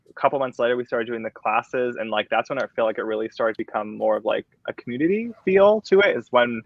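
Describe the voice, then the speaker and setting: A man hosting a casual video chat, talking lively and laughing often. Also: medium pitch, fast, no echo, lo-fi sound. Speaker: host.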